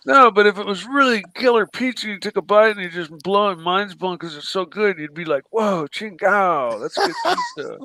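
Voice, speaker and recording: A man's voice: sits high, fairly quick, hardly any pauses, bright, forceful tone, dry recording, low-quality recording. A tired man chatting casually on a livestream, rambling, swearing freely and laughing between sentences. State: exhausted. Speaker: guest on a livestream. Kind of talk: casual chat.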